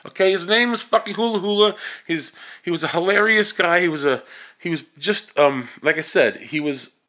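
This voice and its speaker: A man's voice: high-pitched, moderate pace, pushed and bright. A man ranting casually and comically on his vlog, rambling and swearing with lots of restarts and filler words. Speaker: vlog host. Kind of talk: comedic rant.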